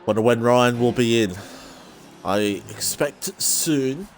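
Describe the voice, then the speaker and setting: A man commentating a sim racing league race, excitable and self-deprecating, his voice jumping high when battles get close. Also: slow pace, a little hiss or hum.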